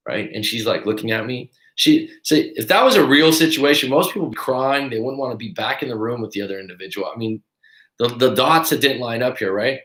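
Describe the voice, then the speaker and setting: Coach type: man, mid pitch, casual and animated storyteller, recorded with a roomy echo. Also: fairly quick. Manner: animated, acts out other people's lines. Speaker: breakup coach.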